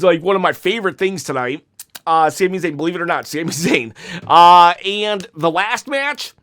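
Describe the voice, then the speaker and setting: A man hosting his own channel, reviewing a show in a rambling, excitable way and laughing often. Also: sits high. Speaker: wrestling commentary channel host. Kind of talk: casual solo show review.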